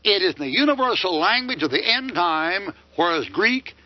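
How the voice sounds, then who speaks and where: A man's voice: high-pitched, very animated, normal speed, no echo. An older man preaching a combative sermon lecture, firing rhetorical questions and answering them himself with mockery. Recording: dull lo-fi dry recording.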